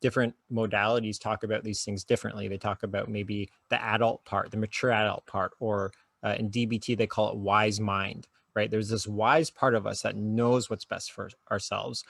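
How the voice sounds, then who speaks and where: A man, a therapist guest on a podcast, talking slowly and soothingly as he guides a listener through a calming exercise. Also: on the low side, creaky, dry recording. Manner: slow soothing guided instructions. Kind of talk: calm guiding conversation.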